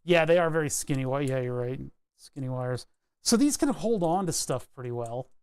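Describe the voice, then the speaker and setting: A man chatting casually to his live-stream viewers while he tinkers with electronics at his workbench, relaxed and self-deprecating, chuckling often. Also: mid-range voice, normal speed, clean tone. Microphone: wired microphone at his workbench.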